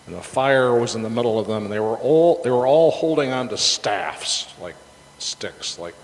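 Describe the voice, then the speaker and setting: A middle-aged man preaching a sermon as a casual story, chatty and rambling, with many fillers and restarts. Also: medium pitch. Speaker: pastor. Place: church sanctuary. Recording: reverberant hall with faint background noise.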